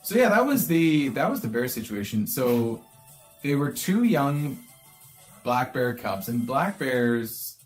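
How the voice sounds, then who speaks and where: A man playing a video game and explaining his moves as he goes. His voice is mid-pitched and his talk is easygoing, with faint music underneath. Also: slow. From Canada. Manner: relaxed, thinking aloud. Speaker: co-host, gamer. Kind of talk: casual let's-play commentary.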